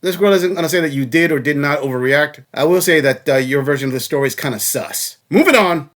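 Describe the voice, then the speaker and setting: A man's voice: a little high, quick pace, fairly bright tone. A man hosting a reaction commentary, lecturing bluntly and mocking the clips he plays. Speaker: commentary channel host.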